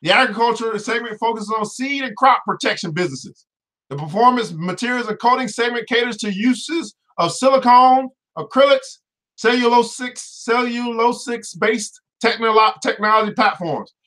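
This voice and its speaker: High-voiced guy hosting a money show, lively and preachy, tosses in exclamations. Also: normal speed. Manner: energetic, preachy, exclamatory asides. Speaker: host. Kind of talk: casual finance show talk.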